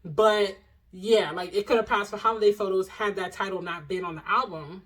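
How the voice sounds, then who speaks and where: Animated young woman telling a storytime. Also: medium pitch, normal speed, low-quality recording. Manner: animated, expressive storytelling with slang and asides to viewers. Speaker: vlogger telling a personal story. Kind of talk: casual storytime vlog.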